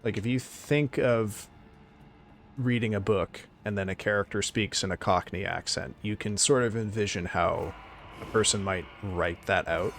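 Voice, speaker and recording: A man's voice: fairly low pitch, normal speed, fairly bright tone, slight background noise. Wry Canadian man streaming a game. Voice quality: wry, chatty, swears in jest. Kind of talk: casual live-stream chat while gaming. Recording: game music playing behind.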